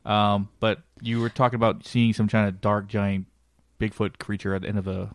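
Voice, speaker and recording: A man with a slightly low voice hosts a podcast in relaxed, blunt conversation. He swears easily and keeps prodding his co-host with questions. The recording is close and dry. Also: normal speed, dry recording. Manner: casual and blunt, swears freely, asks questions. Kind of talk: casual podcast chat.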